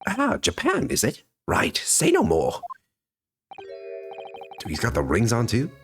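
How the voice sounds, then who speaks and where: A man voicing a boisterous, lavish, wealthy Irish gentleman in a put-on Irish accent while reading game dialogue aloud, booming and sing-song. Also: huge pitch swings, a little slow, vocal fry, soft background music, full character voice. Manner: booming and sing-song, with sudden high leaps.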